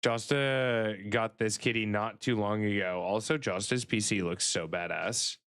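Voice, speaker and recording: A man's voice: lowish voice, a little slow, a bit bright, clear, resonant tone. A man streaming live, chatting casually with his chat and cooing playfully over pet pictures in baby talk.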